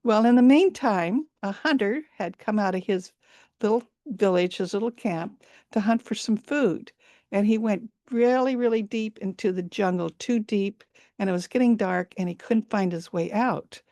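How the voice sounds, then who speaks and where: A woman's voice: mid-range voice, moderate pace, warm tone, no room sound, studio quality. A woman storyteller telling a folk tale live over a video call, repeating words for emphasis and dwelling on sensory detail.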